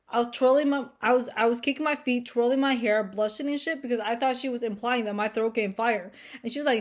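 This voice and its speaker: A woman's voice: a little high, fairly even intonation, fast, hardly any pauses. A young woman vlogging to camera in a casual, rambling monologue, playful and crude, full of fillers.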